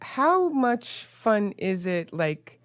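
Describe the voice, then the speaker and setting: Excitable woman co-host, gasps and laughs a lot, casual talk show chat. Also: medium pitch, drawn-out words, no room sound. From Greek family, New York. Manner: excitable, gasping, laughs often.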